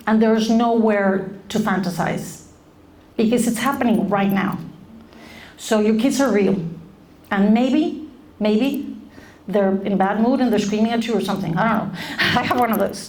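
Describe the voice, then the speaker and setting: Animated woman speaker, higher voice. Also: normal speed. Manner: animated, asks the audience questions. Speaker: speaker giving a talk to college students. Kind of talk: lively public talk. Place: lecture room.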